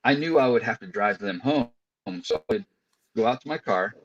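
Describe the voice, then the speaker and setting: A man's voice: lowish voice, expressive, brisk. A man as a podcast guest, chatting casually and telling laid-back stories over an internet call. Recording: dull lo-fi call audio.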